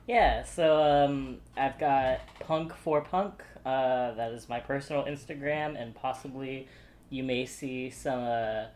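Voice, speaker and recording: A man's voice: mid-range voice, slow pace, darkish tone, a little hiss or hum. A man co-hosting a casual podcast, easygoing and laughing often between remarks. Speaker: podcast co-host.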